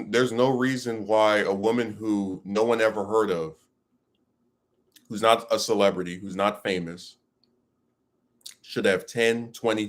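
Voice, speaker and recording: A man giving ranting commentary to his audience, emphatic and rambling, with many restarts. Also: lowish voice.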